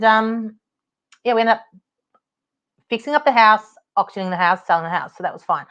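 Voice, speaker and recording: A middle-aged woman with an Australian accent, hosting a podcast and telling a story in a casual, animated, exasperated way, laughing often and swearing now and then. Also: mid-range voice. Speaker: podcast host, property advocate. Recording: dull lo-fi podcast audio.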